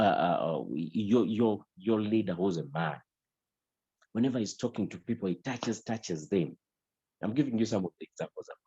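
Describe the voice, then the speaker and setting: A man's voice: sits low, mellow, slightly rough, no room sound, highs cut off. A middle-aged man giving an emphatic, repetitive motivational business training talk. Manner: emphatic, repetitive, mixes in local language.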